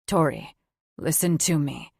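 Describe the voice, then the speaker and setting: A woman voicing a protective male demon wolf in an audiobook, speaking low, steady and strained. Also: unhurried, vocal fry, dry recording, full character voice. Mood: urgent, grim.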